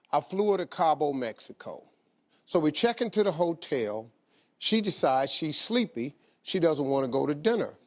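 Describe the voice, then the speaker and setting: Animated storytelling man, higher voice. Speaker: talk show host. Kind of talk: heartfelt storytelling.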